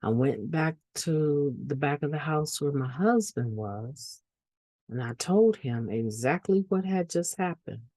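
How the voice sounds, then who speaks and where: A woman's voice: deep voice, animated, a little slow, dark tone, no echo. A woman giving an earnest personal testimony at a recovery meeting, repeating phrases for emphasis.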